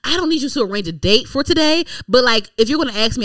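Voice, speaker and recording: A woman, hosting a podcast and telling a story in casual chat, animated and exasperated. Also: medium pitch, very fast, few pauses, no room sound. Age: 30s. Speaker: podcast host.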